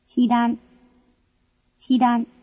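A woman playing a young female student who gives bus directions in slow, careful drill lines. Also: on the high side, monotone, warm tone. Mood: answering. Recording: dull lo-fi course tape.

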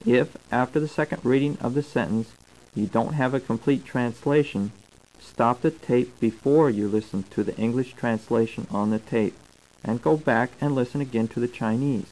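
A man reading a scripted language course, slowly spelling out words and their tones. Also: mid-range voice, a little mellow, low-quality recording. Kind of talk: scripted instructional narration. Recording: old tape recording.

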